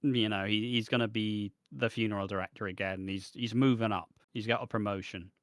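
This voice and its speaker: A man's voice: on the low side, steady tone, brisk, fairly bright tone, no echo, studio quality. A man co-hosting a podcast, chiming in casually with short, laid-back remarks. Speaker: podcast co-host.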